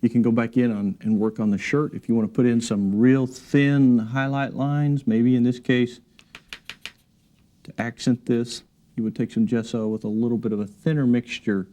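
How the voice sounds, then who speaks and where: Mellow-voiced man teaching painting. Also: medium pitch, normal speed. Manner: relaxed, encouraging, talks while working. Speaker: painting instructor. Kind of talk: painting demonstration. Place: art studio.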